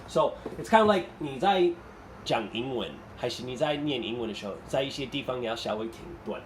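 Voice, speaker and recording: A man's voice: mid-range voice, animated, a little fast. Male teacher, patient explainer, lecture recorded in a roomy space with slight hiss. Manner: explains, repeats and rephrases points. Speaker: English teacher. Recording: echoey room with faint noise.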